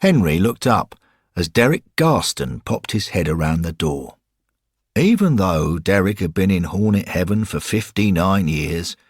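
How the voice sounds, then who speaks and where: Deep husky guy narrating a story, dry close sound. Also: no echo. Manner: measured storytelling. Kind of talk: scripted audio story narration.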